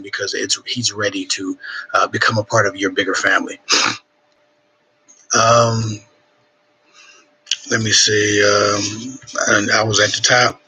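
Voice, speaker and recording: Husky bright-voiced guy on a home livestream, blunt dating advice, lots of ums, kinda sniffly. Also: fairly low pitch, rough recording. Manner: frank, blunt, swears casually, many ums and restarts. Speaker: relationship advice livestream host. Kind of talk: casual live Q&A chat.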